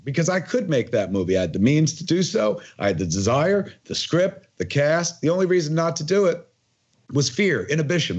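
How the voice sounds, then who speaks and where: A man's voice: a little high, muffled recording. A man in his forties, a podcast guest talking casually in an emphatic, rambling way with plenty of swearing. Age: 40s. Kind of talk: casual conversational interview.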